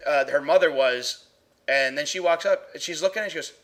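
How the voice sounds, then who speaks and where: A man's voice: on the high side, brisk, a bit bright. A talkative man hosting a casual chat, laughing easily. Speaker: podcast host.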